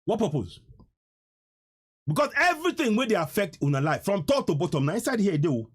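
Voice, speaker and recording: Husky Nigerian man preaching on a livestream. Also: high voice, very animated, a little fast. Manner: preachy, repeats lines, mixes Pidgin and English. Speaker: livestream host. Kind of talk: political livestream talk.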